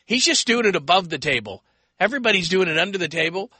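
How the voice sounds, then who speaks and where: An American man hosting call-in sports radio, his voice pitched high and very bright. He talks fast in bursts, rambles and acts out quoted people, all of it recorded close and dry. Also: animated, husky, no echo.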